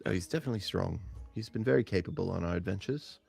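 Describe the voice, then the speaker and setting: A low, gravelly bard full of easy charm, as a man voices him. The voice is close and dry, with small stammers on restarts. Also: quick pace, a little mellow, dry recording, soft background music, exaggerated voice. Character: vain, smooth-talking half-elf bard man. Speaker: player.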